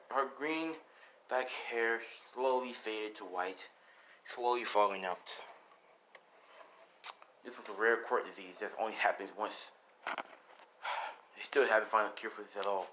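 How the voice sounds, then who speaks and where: Rambling, slow-talking male storyteller. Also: on the low side, sharp tone, a little hiss or hum. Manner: rambling, full of fillers and sighs. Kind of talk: casual improvised fan story narration.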